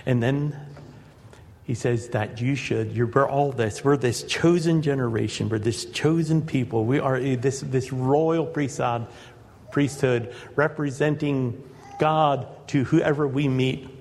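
A man preaching to his congregation in a church, earnest and direct, rising to emphatic peaks as he drives his points home. His voice sits at an ordinary pitch for a man, and a long reverb from the sanctuary trails after each phrase. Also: unhurried, a little mellow. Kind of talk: sermon.

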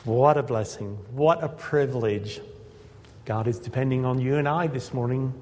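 A man preaching to his congregation in a church, earnest and direct, rising to emphatic peaks as he drives his points home. His voice sits at an ordinary pitch for a man, and a long reverb from the sanctuary trails after each phrase. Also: moderate pace, darkish tone. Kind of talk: sermon.

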